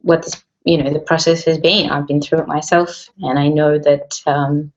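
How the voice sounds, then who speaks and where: A woman's voice: low-pitched, little pitch movement, normal speed, dull audio. A woman musician, speaking thoughtfully in a casual interview. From Australia. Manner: soft-spoken, thoughtful, with frequent fillers. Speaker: musician guest.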